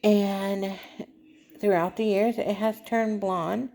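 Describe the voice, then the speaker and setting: Slow, gravelly-voiced woman near tears. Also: medium pitch, steady tone, dark tone. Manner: halting, emotional, trying not to cry. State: tearful. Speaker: vlogger. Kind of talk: personal vlog talk.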